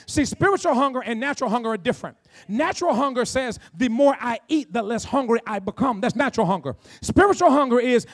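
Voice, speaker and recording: A man with a very high-pitched voice preaches to his congregation from a church pulpit. He is emphatic and repetitive, calling for responses from the people listening. He stretches out key phrases slowly. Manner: slows down to draw out key phrases. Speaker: pastor. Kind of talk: sermon. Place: church sanctuary.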